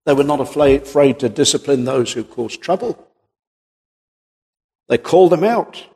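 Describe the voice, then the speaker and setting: Husky-voiced preacher in a reverberant hall. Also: male voice, medium pitch, lively intonation, normal speed, a little mellow. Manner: earnest, emphatic, quotes King James scripture. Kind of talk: sermon. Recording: long reverb of a large hall.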